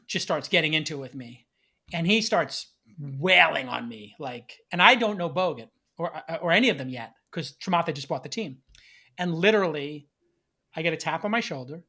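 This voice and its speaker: A man hosting a podcast, telling a casual story in an animated way, laughing now and then. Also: fairly high pitch. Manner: animated, laughs between lines. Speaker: podcast host.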